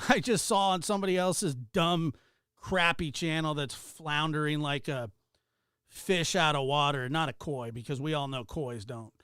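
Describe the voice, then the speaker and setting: A man's voice: fairly high pitch, a little slow, fairly bright tone, clean tone, dry recording, clean studio sound. A man hosting a livestream, ranting heatedly and sarcastically while greeting viewers in chat. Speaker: livestream host. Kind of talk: ranting livestream talk with chat shout-outs.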